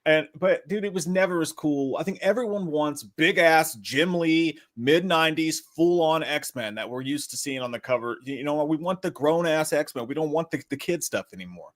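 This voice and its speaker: A man co-hosting a casual movie news show, relaxed and joking, swearing casually. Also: fairly high pitch, normal speed, few pauses. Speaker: podcast co-host.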